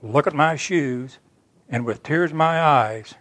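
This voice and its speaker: A man's voice: on the high side, slow pace, a bit bright, no echo. A man giving an earnest, plainspoken sermon as a personal story, acting out the dialogue of the people in it. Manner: plainspoken and folksy. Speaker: church speaker.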